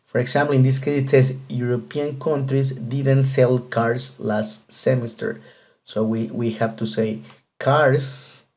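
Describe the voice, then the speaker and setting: Patient, mellow-voiced male English teacher. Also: mid-range voice, little pitch movement, measured pace. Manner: patient, repetitive explanation with frequent fillers. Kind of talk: grammar lesson explanation.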